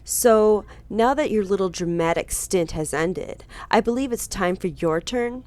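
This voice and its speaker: Woman putting on a slow, taunting male killer. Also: medium pitch, lively intonation, a little mellow, lightly acted. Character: cold menacing male killer, mocking and calm.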